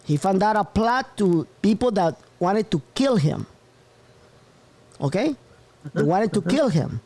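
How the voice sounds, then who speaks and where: A man's voice: high-pitched, expressive, measured pace, a little mellow. A man hosting a casual news commentary show, rambling and often breaking into laughter. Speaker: host.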